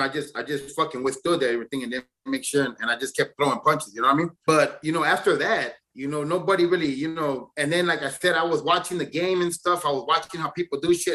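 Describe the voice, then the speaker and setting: Bright-voiced man, profane and rambling. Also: a little high. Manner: profane, rambling, frequent stammered restarts. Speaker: interview guest, former prisoner. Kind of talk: casual storytelling.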